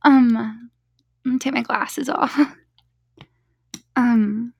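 A woman's voice: on the high side, fairly even intonation, slow pace, vocal fry, pauses often, darkish tone, breathy edge, dry recording. A woman talking in an intimate improvised audio, whispery and giggly, hesitant and fumbling for words.

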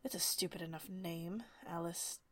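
Female reader doing a huffy, boastful egg-shaped gentleman on a wall, storybook voice. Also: fairly low pitch, steady tone, moderate pace. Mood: pompous. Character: pompous touchy egg-shaped man on a wall. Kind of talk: storybook reading.

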